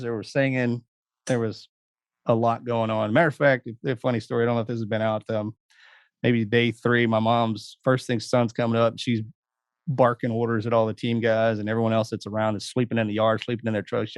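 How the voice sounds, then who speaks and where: A man's voice: mid-range voice, little pitch movement, fairly quick, clean tone, dry recording, clean studio sound. A man, a guest telling folksy family anecdotes in a casual way. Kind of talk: casual storytelling.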